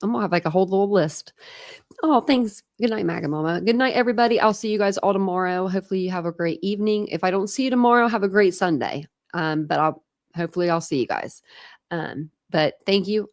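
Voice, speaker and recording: A woman's voice: mid-range voice, fast talker. A woman hosting a casual true crime livestream, chatting with viewers in a rambling way and reading their comments aloud. She grew up in Ohio. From Ohio, born in Philadelphia. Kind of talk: casual chat with live chat viewers.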